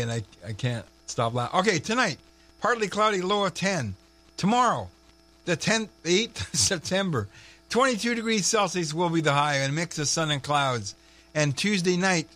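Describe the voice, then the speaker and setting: Local radio morning man, a touch high-pitched, rambling and giggly, studio mic. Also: fairly bright tone. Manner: chatty, self-mocking, giggly. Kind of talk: casual radio banter. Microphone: studio microphone.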